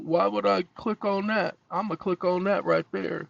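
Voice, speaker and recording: A man hosting his own channel, speaking to viewers in a folksy, animated way while dictating to a voice assistant and telling it to wake up. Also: high voice, normal speed, gravelly, few pauses, no room sound, dull audio. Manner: animated, scolding, commanding interjections; folksy, addresses audience as y'all. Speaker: channel host.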